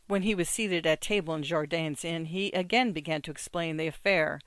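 Steady short-story narrator, smooth clear voice, dry close recording. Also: medium pitch, normal speed, few pauses, no echo. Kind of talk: scripted narration of short stories.

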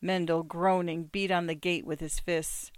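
A reader narrating a short story as an audiobook, measured and steady. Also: medium pitch, clean tone, no echo.

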